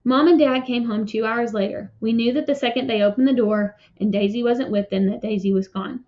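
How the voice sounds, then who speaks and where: A woman's voice: on the high side, a little fast, hardly any pauses. Earnest woman reading a book aloud. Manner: earnest, emotional, apologetic asides. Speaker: reader of a children's novel. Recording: muffled lo-fi recording.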